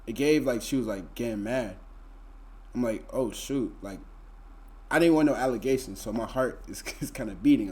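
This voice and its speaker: A man's voice: medium pitch, a little mellow. A young man, telling a story to his live chat in a laid-back, slangy, rambling way full of fillers. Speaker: streamer.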